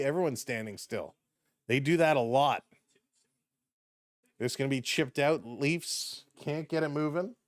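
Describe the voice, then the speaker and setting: A man calling live hockey play-by-play on a stream, quick and excitable, chatting with viewers between plays. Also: fairly high pitch, dry recording, studio quality. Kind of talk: hockey play-by-play commentary with chat shout-outs.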